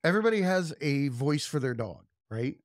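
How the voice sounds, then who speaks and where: A man's voice: on the high side, big pitch swings, moderate pace, dry recording, clean studio sound. A young man hosting a podcast in casual chat, loose and jokey, often slipping into silly voices. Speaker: podcast host.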